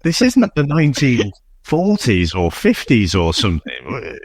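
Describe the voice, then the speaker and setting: Lively St Helens man with a Liverpool twang. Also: medium pitch, measured pace, husky, no room sound, clean studio sound. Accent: St Helens, Liverpool-leaning. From St Helens, England. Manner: wry, sweary, laughs easily. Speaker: podcast co-host. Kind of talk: casual film review chat.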